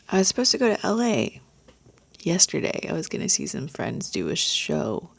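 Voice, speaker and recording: A woman's voice: lowish voice, huge pitch swings, normal speed, gravelly, a little hiss or hum. A young woman talking to her vlog camera, frustrated and venting, swearing, at times near tears. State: tearful, crying. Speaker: vlogger. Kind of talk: casual vlog talk.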